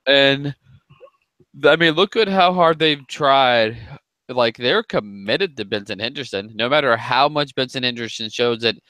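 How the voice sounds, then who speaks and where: A man co-hosting a casual sports chat, chatty and quick to laugh at himself. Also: medium pitch, pushed and bright, no echo. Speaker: podcast co-host.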